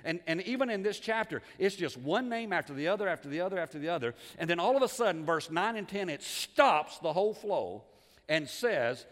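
A man preaching a sermon as pastor, animated, moving between quiet asides and loud emphasis, repeating words and asking the congregation questions. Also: sits high, a little fast. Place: church sanctuary. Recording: long reverb of a church hall.

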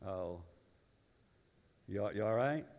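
A male pastor preaching an impassioned sermon, swinging between loud declarations and quiet, confiding asides. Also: medium pitch, moderate pace. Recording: long reverb of a church sanctuary.

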